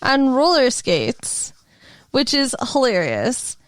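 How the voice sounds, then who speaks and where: A woman's voice: sits high, wildly swooping pitch, takes it slowly, no room sound. A woman co-hosting a casual movie podcast, chatty as she recaps the plot and waves off her co-host's jokes. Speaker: podcast co-host. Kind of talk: casual movie-review chat.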